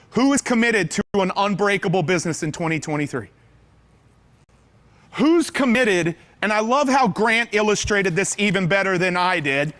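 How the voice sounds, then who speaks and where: A man with a notably high voice hosts a live business event stream at full energy. He keeps the crowd going and calls out viewers by name as they comment. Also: a bit bright. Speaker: livestream host. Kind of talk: hyped live event hosting.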